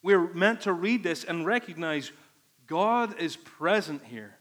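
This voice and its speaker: A man's voice: sits high, expressive, slow pace, fairly bright tone. A man preaching a sermon, earnest and emphatic, leaning on repeated phrases. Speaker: pastor.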